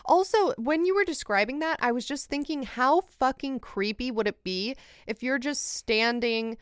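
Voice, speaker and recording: A woman co-hosting a podcast in casual chat, describing things in a wry, drawn-out storytelling way and swearing casually. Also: high voice, smooth, no echo, clean studio sound. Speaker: podcast co-host.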